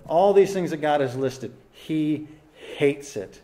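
A man's voice: a little high, slow, hardly any pauses, dark tone. A man preaching an expository sermon, earnest and emphatic, repeating phrases for stress and putting questions straight to his listeners. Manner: asks the listeners questions directly. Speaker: pastor.

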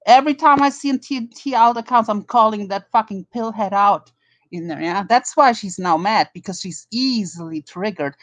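A woman's voice: medium pitch, normal speed, dry recording. A woman with a German accent hosting a live drama commentary stream, greeting chatters and mocking rivals with lots of swearing. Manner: profane, mocking, greets viewers one by one.

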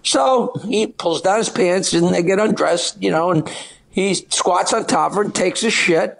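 A comedian rattling off jokes, breaking into shouted punchlines and cackles. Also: male voice, high-pitched, unhurried, creaky. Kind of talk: rapid-fire joke telling.

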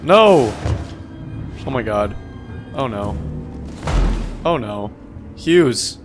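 A man's voice: on the low side, animated, drawn-out words, over music. A man giving live commentary while playing a horror game, swearing, screaming when startled, and laughing nervously to himself. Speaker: gamer.

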